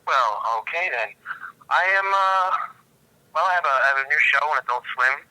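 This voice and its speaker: A man from the American Pacific Northwest, a podcast guest telling absurd stories in a deadpan, halting way. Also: on the high side, no room sound, poor audio. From United States, Pacific Northwest. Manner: deadpan, absurd joking with hesitant restarts. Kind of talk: comedic podcast interview.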